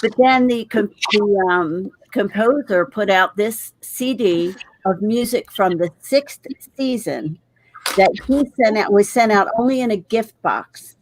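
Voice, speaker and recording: A woman's voice: mid-range voice, lively intonation, unhurried, a little hiss or hum. A woman co-hosting a casual online show, telling a rambling, chatty story. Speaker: co-host. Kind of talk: casual chat.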